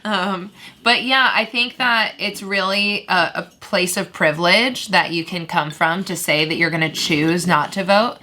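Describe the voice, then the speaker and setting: A young woman co-hosting a casual podcast, with a bright, forceful tone over a lowish pitch. She speaks emphatically and states her opinions firmly. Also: a little slow. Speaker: podcast co-host. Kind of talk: casual chat.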